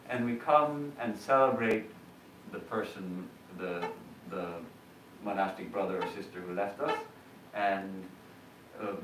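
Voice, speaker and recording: A man, a monk, giving a measured and reflective sermon with hesitations in a temple hall. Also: fairly low pitch, a little hiss or hum. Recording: roomy hall, distant mic.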